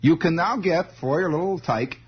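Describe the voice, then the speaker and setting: A man's voice: on the high side, moderate pace, breathy edge. A man hosting a late-night radio monologue, rambling, wry and sardonic. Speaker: radio host. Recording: dull 1960s radio broadcast.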